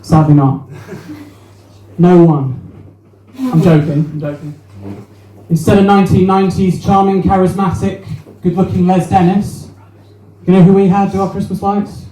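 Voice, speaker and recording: A young man works a small crowd in a brash, sweary stand-up set, his voice pitched high. He sounds a little distant from the mic, in a roomy space with faint background noise. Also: fairly even intonation, moderate pace, mellow. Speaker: stand-up comedian. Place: small venue with a live audience.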